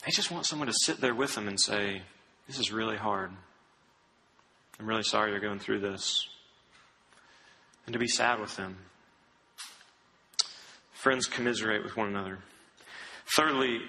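A man preaching a sermon in an earnest, conversational way, often dropping to a soft, low tone. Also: a little hiss or hum, poor audio.

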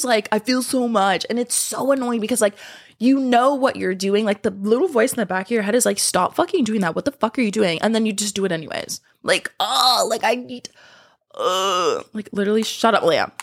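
This vlogger, a woman in her twenties, addresses the camera directly while responding to comments in a casual video. She sounds expressive, with a voice on the high side and a moderate pace, and her blunt, profane talk shifts from hesitant to heated.

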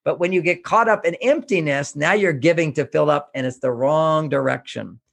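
Gravelly older man giving earnest advice. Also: a little high, moderate pace, a bit bright. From Houston, Texas. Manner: earnest, emphatic, repeats points. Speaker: author and relationship guest. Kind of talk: interview, self-help advice.

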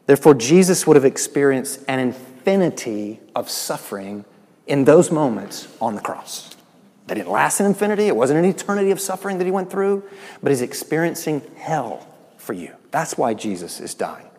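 A man preaching a sermon as pastor, emphatic and full of rhetorical questions, swinging between loud, urgent lines and quiet, hushed ones. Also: mid-range voice, sing-song, normal speed. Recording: reverberant hall.

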